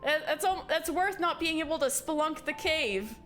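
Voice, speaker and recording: High-voiced giggly woman streamer. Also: moderate pace, soft background music. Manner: giggly, excitable. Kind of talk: live game playthrough, reading text aloud.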